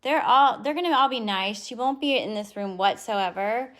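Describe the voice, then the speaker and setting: A woman chatting casually on a live stream from her home, breaking off to coax her dogs in a high voice. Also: moderate pace, a bit bright. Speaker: home dog breeder.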